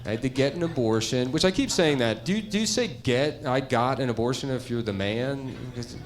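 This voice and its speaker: A middle-aged man doing a stand-up comedy set, rambling and deadpan, laughing at his own jokes. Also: mid-range voice, moderate pace.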